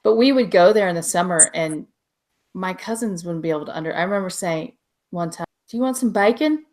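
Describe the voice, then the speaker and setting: Woman panelist, low-pitched, casual anecdotal podcast chat. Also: fairly quick, darkish tone. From Texas, USA.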